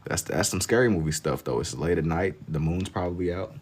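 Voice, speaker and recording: There's slight background noise as a low-voiced man talks fairly quickly during a drawing stream. Reading out comments from viewers, he keeps it loose and slangy and laughs readily.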